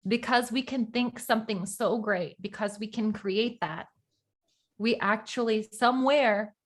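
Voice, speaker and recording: A woman being interviewed as a guest, speaking reflectively and often pausing to search for the right words. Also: fairly high pitch. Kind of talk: conversational interview.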